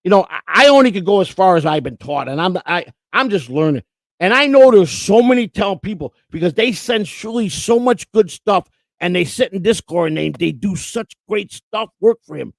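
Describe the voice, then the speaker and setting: Brief: male co-host, rambling and boastful, gravelly voice with a dry sound. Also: high voice, expressive, moderate pace, no echo. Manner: rambling, boastful, repeats words. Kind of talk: casual livestream chat.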